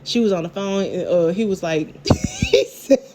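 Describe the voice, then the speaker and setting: A woman, casually recapping a TV drama episode, animated and laughing, with lots of repeats and restarts. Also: medium pitch, slow, noisy background. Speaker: TV show reviewer.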